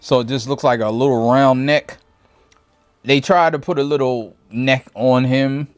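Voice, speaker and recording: A man's voice: mid-range voice, steady tone, a little slow, clean tone, soft background music. A man giving a casual toy review from his home review table, rambling and thinking aloud with frequent self-corrections.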